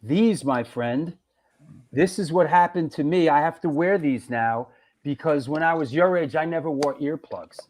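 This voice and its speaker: A man's voice: on the high side, moderate pace, a little mellow. Middle-aged man hosting, rambling chatter. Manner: rambling, repeats words and restarts often. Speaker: host. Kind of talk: casual chat.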